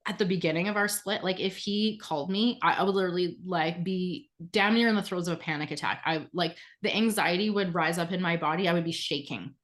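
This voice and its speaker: A woman's voice: fairly low pitch, brisk, few pauses, fairly bright tone. A woman speaking as an interview guest in a candid, casual conversation, frank and often laughing, with the odd swear word.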